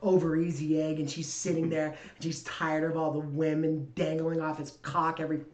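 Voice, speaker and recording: A woman co-hosting a podcast, telling a long story in a casual, profane, animated way. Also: sits low, normal speed. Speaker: podcast co-host. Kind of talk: casual chat. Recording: echoey room.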